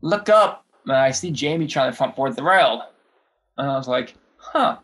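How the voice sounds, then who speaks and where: A man's voice: medium pitch, expressive, moderate pace, a bit bright. A man in his thirties, a guest skateboarder, telling rambling stories in a casual interview, laughing often and swearing freely.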